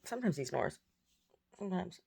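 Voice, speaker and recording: A woman's voice: lowish voice, big pitch swings, brisk, vocal fry, a little mellow, husky. A woman vlogging in a rambling, chatty way, jumping between topics. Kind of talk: casual chat.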